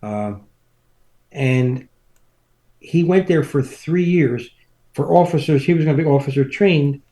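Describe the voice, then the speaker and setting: A man's voice: a little high, a little slow, warm tone. A man in his seventies, a podcast guest, telling rambling family stories in casual chat and chuckling through them. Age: 70s.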